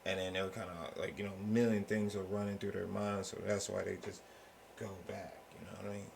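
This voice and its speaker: A very deep male voice with a gravelly, fried edge, talking casually as a podcast host. He rambles loosely and swears freely, slipping into acted-out quotes as he goes. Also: little pitch movement, brisk, a little mellow, a little hiss or hum. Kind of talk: casual chat.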